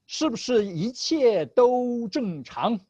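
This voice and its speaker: A very high-pitched, very animated man speaks slowly in a warm tone, with no room sound. He's a patient teacher leading an online class, laughing often and switching between Chinese and English, heard through slightly dull video call audio.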